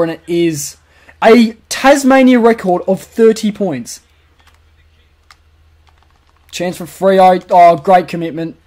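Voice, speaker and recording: A young Australian man calling his own football video game, jumping from quiet muttering to loud cheering when goals go in. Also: high-pitched. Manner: swings from muttered asides to shouted goal calls. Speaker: gaming commentator. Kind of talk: excited play-by-play over a football video game.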